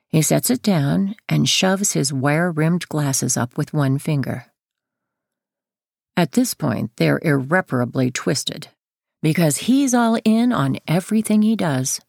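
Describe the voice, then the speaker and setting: A woman narrating her own memoir audiobook in a steady first-person storytelling manner. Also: low-pitched, creaky, no echo, clean studio sound.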